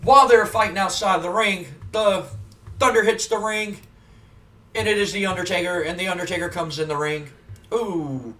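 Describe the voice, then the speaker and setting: A man's voice: high-pitched, far from the mic. Chatty man narrating a wrestling sim. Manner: relaxed, chatty, with fillers. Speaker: gaming video host. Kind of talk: casual play-by-play commentary of a wrestling sim.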